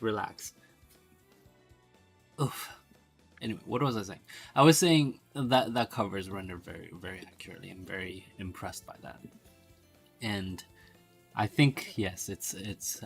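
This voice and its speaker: A man's voice: low voice, a little slow, vocal fry, pauses often, soft background music. A sleep-deprived man streaming a game, rambling in a mock-professorial way and laughing often. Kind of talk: casual live-stream game commentary.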